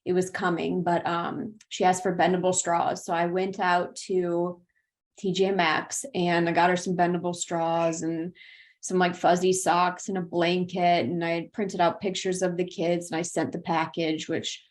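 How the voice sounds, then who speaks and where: A woman's voice: lowish voice, level tone, a little slow. A woman in her thirties from South Carolina, a podcast guest telling an earnest, tearful personal story. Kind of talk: personal conversation.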